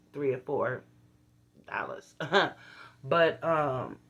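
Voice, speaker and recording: A middle-aged woman, talking straight to her viewers in a casual vlog, earnest and blunt, often checking in with them. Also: deep voice. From Philadelphia. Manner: earnest, blunt, preachy, with frequent "you feel what I'm saying" asides. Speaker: vlogger. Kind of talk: casual direct-to-camera vlog.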